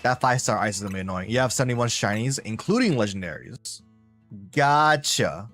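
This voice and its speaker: A man's voice: on the low side, lively intonation, fairly quick, a bit bright, faint music behind. Chatty man streaming a game. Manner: chatty, rambling, talks to chat. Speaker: live-streamer. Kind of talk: casual gameplay commentary.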